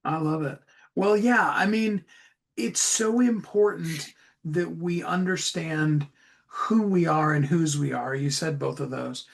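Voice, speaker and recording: A man hosting a casual interview, with a slightly high voice for a man. His delivery is upbeat and affirming, and he keeps the conversation moving. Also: slow, creaky. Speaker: podcast host.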